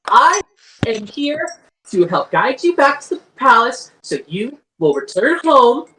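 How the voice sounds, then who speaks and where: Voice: mid-range voice, moderate pace, a little hiss or hum, close to an everyday voice, low-quality recording. A game master voicing a prim, haughty royal woman who scolds with indignation. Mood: indignant. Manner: indignant, lofty.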